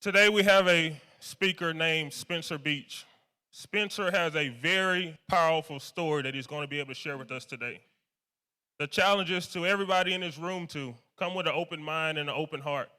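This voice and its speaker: Man w bright smooth voice doing a slow intro, echoey hall. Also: on the high side. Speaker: meeting host introducing the speaker. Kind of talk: formal introduction.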